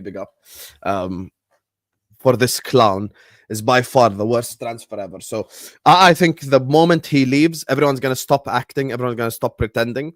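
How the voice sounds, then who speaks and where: A young man hosting a football show, ranting to a live chat in an exaggerated, repetitive, mock-pleading way with loud outbursts. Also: mid-range voice, dry recording, clean studio sound. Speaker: football channel host. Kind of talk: animated solo football rant to a live chat.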